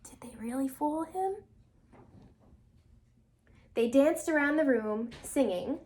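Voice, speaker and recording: A woman teacher reads a storybook to her class with dramatic, animated delivery, pausing to quiz the children. Her voice is high and very lively, with wide sweeps in pitch, and she slows down and drops to a whisper for suspense. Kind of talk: reading a storybook aloud to a class and asking questions.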